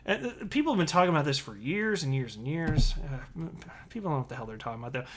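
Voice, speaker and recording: A man's voice: on the high side, fast talker, slight background noise. A man hosting a casual crypto commentary video, reading tweets and headlines with sarcastic asides. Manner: sarcastic, animated, lots of asides.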